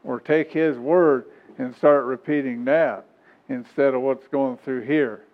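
A pastor preaches a sermon in a folksy, repetitive way, chuckling every so often. His mid-range voice stays steady and unhurried, captured on a tinny, phone-like recording.

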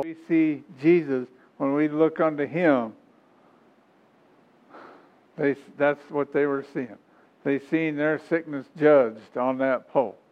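Male pastor, fairly high voice, homespun sermon delivery, thin phone-quality sound. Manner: folksy, repetitive preaching with chuckles. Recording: tinny phone-like recording.

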